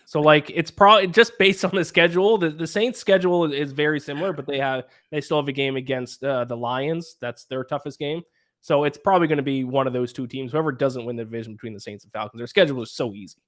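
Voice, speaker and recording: A man's voice: a little high, quick pace, fairly bright tone. A man with a Canadian accent hosting a casual sports podcast, reeling off schedules and betting odds in an analytical way. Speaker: podcast host.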